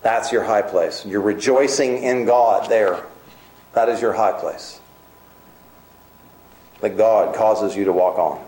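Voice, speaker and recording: Low-voiced man preaching in an echoey room. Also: slow pace, long pauses, a little mellow. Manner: earnest, emphatic preaching with varied pace. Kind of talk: sermon.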